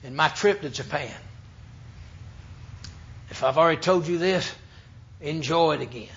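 A man from the United States, preaching an emphatic sermon that swings between loud and hushed. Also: a little high, a little slow. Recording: dull lo-fi sermon recording.

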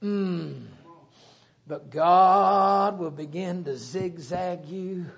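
A middle-aged man with a Southern US accent preaching a sermon in a folksy, joking, animated way. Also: sits high, extremely slow, breathy edge. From Southern United States.

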